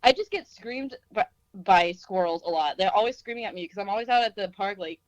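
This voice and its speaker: Young female singer-songwriter guest from Texas, mid pitch, dry sound, loose and self-mocking. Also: brisk, dry recording, lo-fi sound. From Austin, Texas. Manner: laid-back, self-deprecating, lots of "like" and "um". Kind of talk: casual interview.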